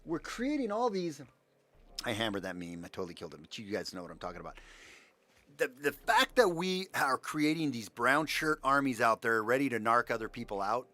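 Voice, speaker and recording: A man's voice: mid-range voice, big pitch swings, a little fast, pushed and bright, no room sound. Brief: sarcastic male livestream host, mocking and rambling, voice rising and falling a lot. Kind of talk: sarcastic commentary rant.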